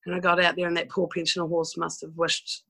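A woman's voice: fairly low pitch, monotone, fast talker, vocal fry, bright, forceful tone, husky, rough recording. A woman from New Zealand with a New Zealand accent, frankly telling stories from her past in a casual interview. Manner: chatty and frank, with mild swearing and laughing asides. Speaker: guest telling life stories.

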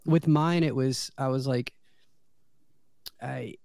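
A man with a mellow, mid-pitched voice co-hosts a podcast. He asks earnest questions and restarts them as he goes, recorded dry and close. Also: steady tone, slow, creaky, no room sound. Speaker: podcast co-host. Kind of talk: casual podcast interview.

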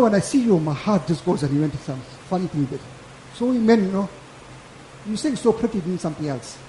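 A man's voice: sits high, mellow, a little hiss or hum. A man preaching a Friday sermon, casual in tone and repeating his points with emphasis. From South Africa. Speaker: maulana giving a Friday lecture. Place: mosque. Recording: echoey mosque hall.

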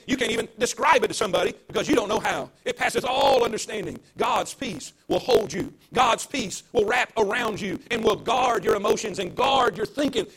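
A man's voice: sits high, a bit bright, slightly rough. A man, a pastor preaching a livestreamed sermon to an empty church, emphatic and repetitive, with call-and-response.

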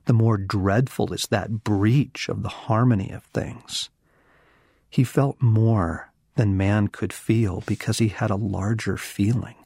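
A man with a husky, slightly low voice reads scripture and reflects on it in an earnest, hushed manner. He speaks very slowly and at moments sinks to a whisper. The sound is dry and close, with no room around it. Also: no room sound. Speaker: devotional teacher. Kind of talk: scripture reading with reflective commentary.

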